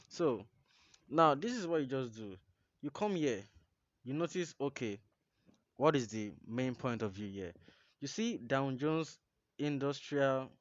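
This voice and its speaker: A man's voice: medium pitch, dry recording, highs cut off. A man coaching viewers through a trading tutorial, repeating points emphatically and checking they understand. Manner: repetitive, emphatic, instructive, often asks "you understand?". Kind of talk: screen-share trading tutorial.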